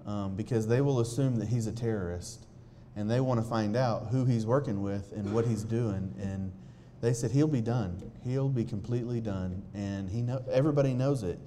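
A man telling a personal testimony to a live audience in an earnest, halting way, often restarting his sentences. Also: lowish voice, dark tone, a little hiss or hum. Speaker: speaker sharing a personal testimony.

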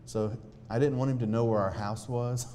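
A man's voice: mid-range voice, steady tone, dark tone, a little hiss or hum. Earnest man telling a personal story. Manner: earnest, halting with restarts, occasional laughs. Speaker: speaker sharing a personal testimony. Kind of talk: storytelling testimony to an audience.

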